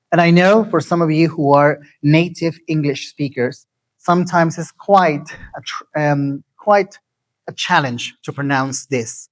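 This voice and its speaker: A man from Mexico City, giving a lecture and slowly repeating words so listeners can pronounce them. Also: a little high, rough recording. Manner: slow, deliberate, repeats words to teach pronunciation.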